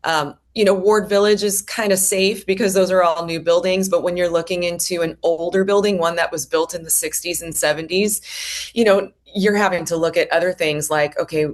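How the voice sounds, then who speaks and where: A woman's voice: fairly low pitch, steady tone, fairly quick. A woman, a realtor guest on an interview show, explaining the market in detail with examples. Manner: knowledgeable, explains with examples and lists of questions. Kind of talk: casual interview chat.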